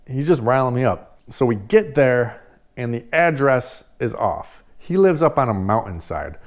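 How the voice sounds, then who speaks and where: A man who runs a party rental business, telling a story casually in an animated way, swearing freely and laughing now and then. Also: mid-range voice, normal speed.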